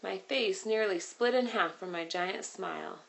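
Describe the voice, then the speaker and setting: A woman reads a children's novel aloud, telling the story expressively. Her voice sits at a middle pitch, neither high nor low. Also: measured pace, gravelly. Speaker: reader.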